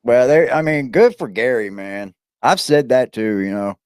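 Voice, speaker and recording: A man's voice: medium pitch, lively intonation, moderate pace, darkish tone, clear, resonant tone, no echo, studio quality. A man hosting a casual interview and reaction stream, laid-back, talking to his viewers and often restarting his sentences. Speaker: show host.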